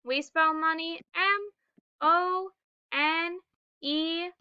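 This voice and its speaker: A woman teaching phonics, speaking very slowly and sounding out each word so young children can follow. Her voice sits high and bright. The recording is dry and a little dull. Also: steady tone, no echo. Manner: slow, clearly sounded-out words with prompting cues.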